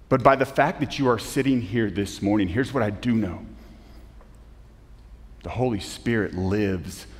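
A man preaching a sermon as pastor, earnest, with emphatic rises and soft, slow drops. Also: mid-range voice. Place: church sanctuary. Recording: long reverb of a church hall.

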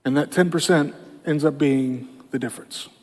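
A male pastor delivering a sermon in a relaxed, conversational manner, often dropping in "you know" as he explains. His voice sits noticeably high for a man. The sound carries a long reverb from a large church sanctuary. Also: normal speed.

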